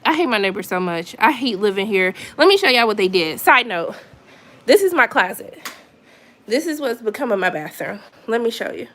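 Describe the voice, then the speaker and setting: Woman, higher pitch, casual live-stream vlogger at home, exasperated venting. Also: very animated, moderate pace, a bit bright. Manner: venting, exasperated, chatty with asides. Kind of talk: casual chat to viewers. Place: her apartment at home.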